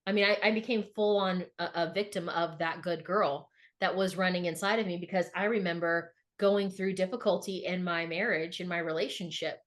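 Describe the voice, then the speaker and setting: A woman's voice: on the low side, fairly even intonation, moderate pace, hardly any pauses. A middle-aged woman speaking earnestly and emphatically in a reflective podcast conversation, often repeating words for emphasis. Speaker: podcast co-host.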